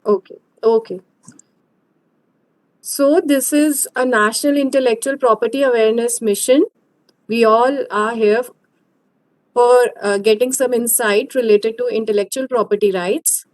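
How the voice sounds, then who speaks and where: A woman giving an online lecture over a video call, explaining slowly and hesitantly. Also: a little high, fairly even intonation, a little mellow, low-quality recording.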